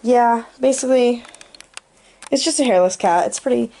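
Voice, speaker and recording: A woman's voice: fairly high pitch, moderate pace, dark tone. Playful young woman giving a room tour. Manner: goofy, playful, jokey asides. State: out of breath. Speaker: vlogger.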